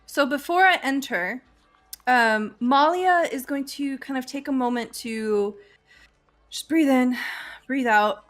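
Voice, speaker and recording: A woman player in a tabletop game describing her character's actions in a deliberate way. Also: sits high, fairly bright tone, faint music behind. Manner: slow, deliberate.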